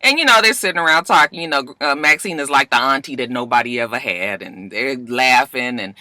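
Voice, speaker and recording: A woman's voice: very deep voice, animated, a little fast, sharp tone, no room sound. A woman recapping a TV episode in a casual vlog, sassy and joking as she comments. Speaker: TV recap vlogger.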